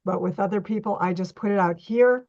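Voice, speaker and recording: A woman's voice: mid-range voice, brisk, darkish tone. Middle-aged woman, reflexology instructor, chatty and repetitive, slightly dull lo-fi audio. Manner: chatty, repeats words, restarts often. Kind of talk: online workshop teaching.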